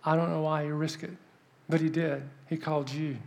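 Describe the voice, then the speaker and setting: A man giving a sermon as an earnest, animated story, dropping soft for emphasis. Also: fairly high pitch, fairly quick, gravelly. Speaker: preacher.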